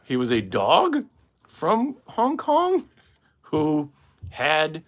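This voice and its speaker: A man's voice: fairly high pitch, wildly swooping pitch, extremely slow. An American man, a comedian, answering viewer questions in a casual, rambling live stream and laughing at his own jokes. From United States.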